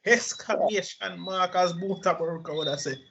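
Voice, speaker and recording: A man's voice: sits high, moderate pace, creaky. A man, co-hosting a casual chat, telling profane stories with lots of laughter. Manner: animated, laughing, profane storytelling. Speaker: podcast co-host. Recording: dull lo-fi audio with faint noise.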